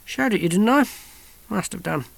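A man's voice: sits high, lively intonation, moderate pace, creaky, no echo, voice pushed up, full character voice. A man voicing a proud, rambling old grandfather in an audiobook reading. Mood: reminiscing. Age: older.

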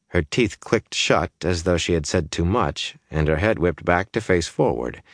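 A man reading a fantasy novel aloud as an audiobook narrator, in a measured, even way. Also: deep voice, no room sound, studio quality. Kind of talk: scripted narration.

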